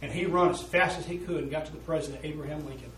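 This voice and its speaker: Preacher guy, folksy and earnest, kinda high voice, sounds far off in a big echoey room. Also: rapid-fire, a bit bright, slight background noise. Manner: folksy, earnest storytelling with rising fervor. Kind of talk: sermon. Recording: roomy echo, voice from a distance.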